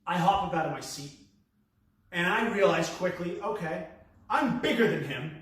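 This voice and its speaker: A lively, high-voiced man with a New York accent tells a stand-up story and throws himself into every quoted line. His voice rings around a very echoey room, picked up from a distance. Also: normal speed. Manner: animated, acts out quotes with big pitch swings. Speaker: comedian. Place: live stand-up venue.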